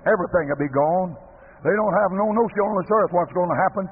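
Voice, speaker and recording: A man's voice: sits high, fast talker, husky. A man preaching a fervent sermon, rising and falling as he dramatizes Bible stories. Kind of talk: old-time preaching sermon. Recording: tinny lo-fi old sermon tape with faint hiss.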